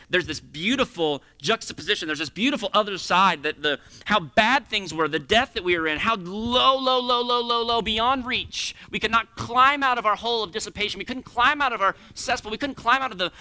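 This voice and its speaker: A man preaching a sermon with passion, dropping to hushed near-whispers and rising to loud pleading. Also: high-pitched. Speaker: pastor.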